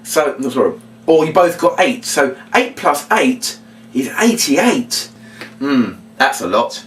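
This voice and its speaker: A middle-aged man teaching a children's magic routine, animated and acting out his patter lines. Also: slow pace. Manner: animated, jumps into a high shouty kids'-show voice for demo lines. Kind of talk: instructional talk with acted-out patter. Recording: echoey room, mic at a distance.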